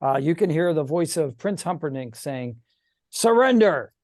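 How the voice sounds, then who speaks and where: Rambling game master on a video call. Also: male voice, on the high side, normal speed, mellow, no room sound. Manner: rambling, self-correcting. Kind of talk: narrating a tabletop game.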